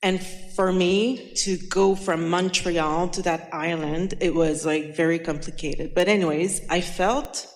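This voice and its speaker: A woman from the audience speaks into a handheld mic, telling a personal story before her question. She talks slowly and haltingly, with many fillers and restarts. Long reverb from a big hall trails her words. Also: fairly low pitch, fairly even intonation. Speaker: audience member asking a question.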